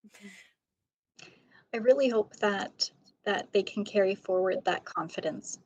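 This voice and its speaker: A woman author and educator answering interview questions in a measured way, with many ums. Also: mid-range voice, low-quality recording.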